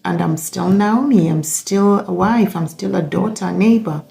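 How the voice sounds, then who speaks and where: A woman's voice: mid-range voice, normal speed, vocal fry, warm tone. A woman hosting her own podcast, talking earnestly and reflectively, often restarting words as she thinks. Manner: earnest, emphatic, repeats words while thinking. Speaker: podcast host. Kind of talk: reflective solo talk.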